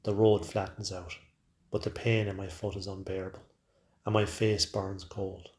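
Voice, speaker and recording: A man narrating a first-person story in a quiet, measured way. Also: low-pitched, flat delivery. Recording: roomy echo.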